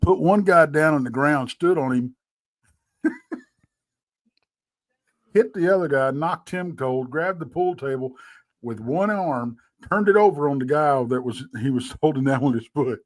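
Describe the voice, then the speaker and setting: A man's voice: on the high side, expressive, a little slow, long pauses, no echo. Folksy man telling a story. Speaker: co-host. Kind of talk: casual storytelling chat.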